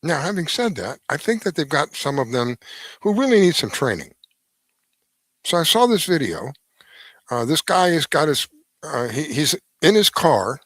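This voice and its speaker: A middle-aged man delivers a rambling radio monologue on a close studio mic with a dry, deadened sound. His voice sits a little high and leaps up and down for emphasis. He often stumbles and restarts mid-sentence. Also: very animated, moderate pace, fairly bright tone, dry recording, low-quality recording. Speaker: radio show host. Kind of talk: opinion monologue.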